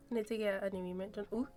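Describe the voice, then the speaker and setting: Slow, rambling woman streamer. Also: mid-range voice, a little mellow. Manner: rambling, chatty, giggly, full of fillers. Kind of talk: casual gaming chat. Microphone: far from the mic.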